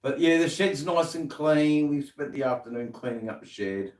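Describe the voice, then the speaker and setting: A man's voice: fairly high pitch, animated, moderate pace, a little mellow. An Australian man hosting a casual livestream from his shed, rambling and greeting viewers in the chat one by one. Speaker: livestream host.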